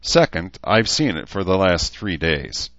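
A man's voice: low-pitched, sing-song, unhurried, fairly bright tone, dry recording, lo-fi sound, voice pushed up, full character voice. A man voicing a young woman healer who teases and scolds her patient bluntly. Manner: teasing, scolding.

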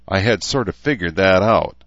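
A man's voice: low-pitched, animated, moderate pace, fairly bright tone, dry recording, highs cut off, voice pushed up. A man voicing a weak, injured young man who is stubborn and querulous. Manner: querulous, irritable.

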